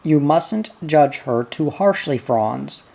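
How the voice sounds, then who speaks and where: A gentle, caring noblewoman who coaxes and pleads softly, as a reader puts her on. She speaks slowly, in a slightly gravelly voice close to the reader's own. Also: low-pitched, animated, exaggerated voice. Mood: gentle coaxing. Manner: gentle, coaxing.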